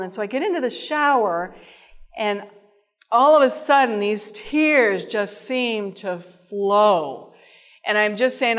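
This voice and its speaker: A woman giving an earnest, emotional testimony sermon, retelling her own story and reading passages aloud. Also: medium pitch. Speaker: speaker giving a testimony talk. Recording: long reverb from a hall.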